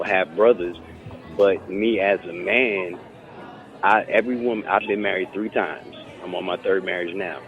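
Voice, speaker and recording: A man hosting a casual chat, talking things through reflectively and often repeating words as he thinks. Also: low-pitched. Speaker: podcast host. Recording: muffled lo-fi audio with faint music.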